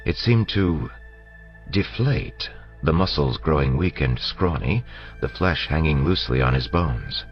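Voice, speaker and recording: A man narrating an audiobook in a steady storytelling manner, on a dull lo-fi recording with faint music. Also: rumbling low, a little slow. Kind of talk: scripted narration.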